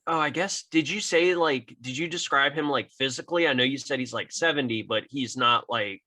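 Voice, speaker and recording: A man's voice: mid-range voice, normal speed, bright, forceful tone. A man co-hosting a podcast, chatting casually with dry, joking, profane asides. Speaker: podcast co-host. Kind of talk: casual chat.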